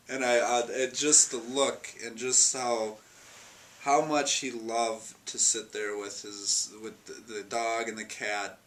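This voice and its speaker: A man's voice: medium pitch, level tone, slow pace, bright, forceful tone. A man telling a fond, rambling personal anecdote in an interview, with many restarts and chuckles. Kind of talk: storytelling anecdote. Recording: distant mic, faint noise.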